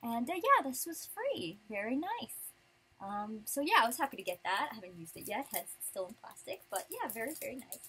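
Chatty breathy woman vlogger. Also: fairly high pitch, a little fast. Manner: chatty, rambling, animated outbursts. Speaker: vlogger showing prize haul. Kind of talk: casual chat.

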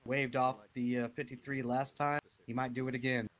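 A man's voice: medium pitch, flat delivery, normal speed, fairly bright tone. A man acting as platoon sergeant in a military sim game, barking curt orders over squad radio chatter.

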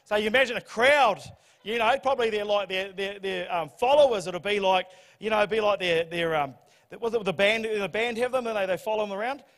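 A man preaching a sermon, telling the story in a humorous, animated way. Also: high-pitched, brisk. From New Zealand. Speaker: pastor. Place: church hall. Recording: church hall reverb.

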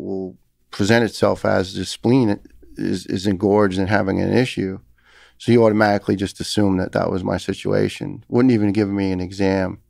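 A middle-aged man with a New York accent tells a hard personal story as a podcast guest. His voice is low and gravelly, and it stays fairly flat in pitch. It is recorded dry and close. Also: no echo. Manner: earnest, emotional retelling with repeated restarts. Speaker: guest, former firefighter.

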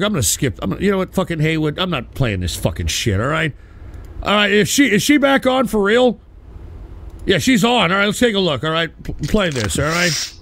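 Man, streamer, excitable, profane, high voice, swooping pitch. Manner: excitable, loud outbursts, profane. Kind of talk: live stream reaction.

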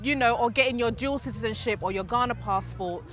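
Woman host just chatting, lots of "like" and "you know", slightly high voice. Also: a little fast. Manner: chatty, conversational asides. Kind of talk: casual conversation.

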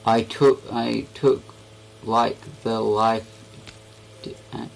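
A man's voice: lowish voice, level tone, slow, creaky, poor audio. A young man giving goofy, rambling commentary while playing a game. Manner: goofy, rambling, talks to himself. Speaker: gaming video creator.

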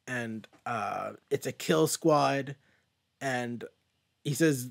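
A young man casually recapping a comic book, excited and rambling, swearing freely. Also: mid-range voice, drawn-out words, creaky. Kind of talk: casual chat.

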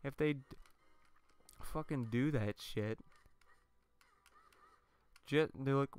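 A man's voice: medium pitch, slow, long pauses, a little mellow, clean tone, dry recording. A young man commentating a video game let's play, rambling, swearing often and getting easily frustrated.

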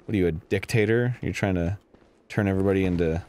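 A man co-hosting a casual gaming show, dropping into a low, dry tone for his jokes. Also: quick pace, a little mellow, a little hiss or hum. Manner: dry, drops into low mock-philosophical tone. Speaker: co-host. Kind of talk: casual banter while gaming.

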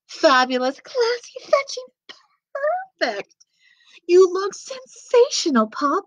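Woman reading as a gushing piglet girl, very high and swooping, storybook read-aloud. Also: sing-song, takes it slowly, no echo, exaggerated voice, low-quality recording. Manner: squealy, sing-song and gushing. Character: bossy cheerful little girl piglet. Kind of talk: picture book read-aloud.

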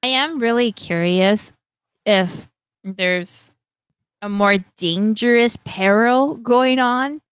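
Young woman podcaster, slow and smooth, acts out the scenes, laughs a lot. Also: fairly high pitch, no echo. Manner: animated retelling, acts out lines in quick voices, swears, laughs often. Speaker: podcast host. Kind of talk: casual chat retelling a story.

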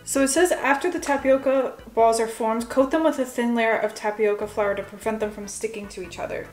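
A woman's voice: a little high, fairly even intonation, a little fast. A young woman in her twenties chatting her way through a home cooking vlog, rambling and self-deprecating, with lots of "like" fillers. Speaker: cooking vlogger. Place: home kitchen.

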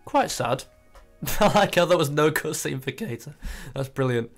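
A young man talks through his football management game in a chatty, excitable way, thinking out loud as he goes. His voice sits a little high for a man, with faint music playing underneath. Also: normal speed. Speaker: gaming YouTuber. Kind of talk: casual gameplay commentary.

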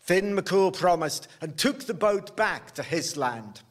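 A man telling a folk tale live at a workshop event, with slow, measured, rhythmic telling. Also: high-pitched, expressive. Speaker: storyteller.

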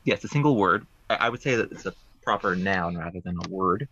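A man presenting puzzles on a talk show over a remote call, rambling with playful deadpan jokes. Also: low-pitched, quick pace, muffled recording, slight background noise.

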